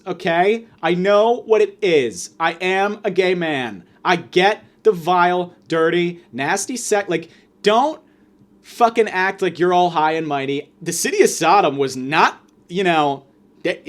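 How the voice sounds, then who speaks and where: A young man telling a story in a profane, sarcastic rant, hosting his own show. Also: a little high. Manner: profane, sarcastic, animated ranting. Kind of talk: ranting storytelling monologue.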